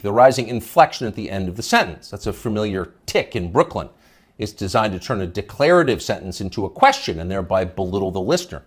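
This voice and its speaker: A man's voice: fairly low pitch, sing-song, brisk, breathy edge. A man hosting a news commentary show, delivering a scornful, emphatic opinion monologue.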